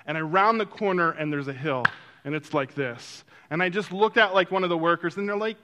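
A man telling a personal story in a sermon-like way, acting out quotes and then turning soft and reflective. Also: high voice, brisk. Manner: animated, acts out quotes, drops to a soft reflective tone.

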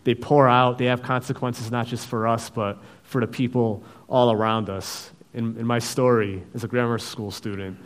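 A man preaching a sermon, reading scripture and acting out the characters' lines with sudden loud outbursts. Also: mid-range voice, level tone, moderate pace, few pauses. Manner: acts out biblical voices, dramatic swings in loudness.

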